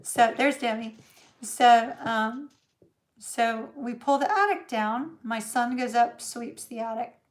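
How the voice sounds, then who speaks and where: A woman's voice: a little high, slow pace. A middle-aged woman, telling a story in a chatty livestream, laughing often and using lots of fillers. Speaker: tarot reader host.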